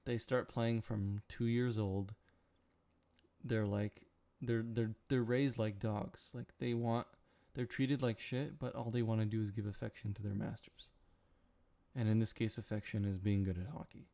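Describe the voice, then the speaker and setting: A man's voice: on the low side, flat delivery, measured pace, vocal fry, mellow. A young man, sleepy, rambling and joking with his chat during a casual late-night stream. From Canada.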